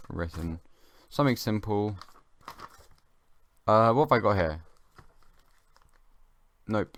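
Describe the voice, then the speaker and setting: A young man hosting his own comedy podcast, rambling in a halting, dry way with many restarts. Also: on the low side, a bit bright. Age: young adult. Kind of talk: rambling comic monologue.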